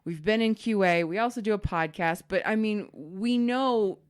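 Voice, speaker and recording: This podcast co-host speaks in a clean, mid-range voice at normal speed. Chatting casually, she tells a story with animation, performing the lines in different voices.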